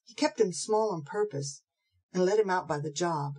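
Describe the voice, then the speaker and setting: A woman voicing a gruff, surly male housebreaker who talks bluntly in rough slang, in a storybook reading. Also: lowish voice, moderate pace, dark tone, poor audio.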